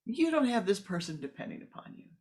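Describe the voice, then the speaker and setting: A woman's voice: very deep voice, very animated, moderate pace, fairly bright tone, full character voice. A woman voicing the indignant inner voice of a frustrated young woman student. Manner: indignant, venting.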